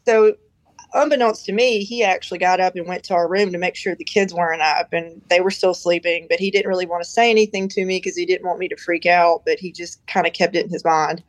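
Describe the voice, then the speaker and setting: A woman's voice: on the low side, steady tone, fairly quick, no echo, poor audio. A woman on a podcast as a guest, telling a personal story in a chatty, rambling way with lots of "you know" and "like". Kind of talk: casual storytelling.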